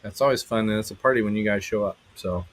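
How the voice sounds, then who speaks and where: Heard over poor audio, this fairly low-pitched voice belongs to an adult married man running a live stream as a musician. He chats loosely with viewers in a halting, rambling way full of fillers. Greeting people clearly lifts his mood.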